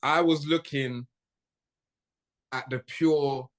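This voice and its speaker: A man's voice: on the high side, fairly even intonation, slow. A young man, co-hosting a podcast and riffing in a joking, slangy way. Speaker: podcast co-host. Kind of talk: casual chat.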